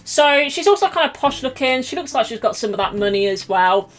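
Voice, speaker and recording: A young woman chatting through a storytime vlog, animated and laughing often as she acts out the quotes. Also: high-pitched, fairly quick. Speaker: YouTuber telling a story. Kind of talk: casual storytime chat.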